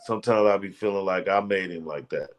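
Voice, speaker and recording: A man's voice: deep voice, a little fast, slight background noise. A man telling rambling, slangy stories in a casual interview. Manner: loose, rambling, slangy storytelling with restarts. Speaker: comedian guest.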